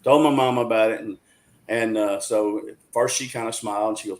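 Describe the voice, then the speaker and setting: A man's voice: on the low side, fairly quick. A man, telling a story as an interview guest in an earnest, folksy way, with frequent restarts. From Arkansas, USA. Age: 60s.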